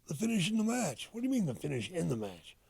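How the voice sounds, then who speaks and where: An older man, a retired wrestler, telling stories in a casual interview, profane and animated as he acts out old conversations. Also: high-pitched, fast. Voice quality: gravelly, husky. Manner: profane, animated storyteller acting out quoted dialogue.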